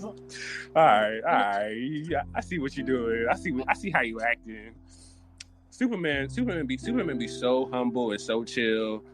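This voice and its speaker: A man hosting a podcast, ranting in casual chat in an animated, joking way with loose slang. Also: medium pitch, moderate pace, music in the background. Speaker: podcast host.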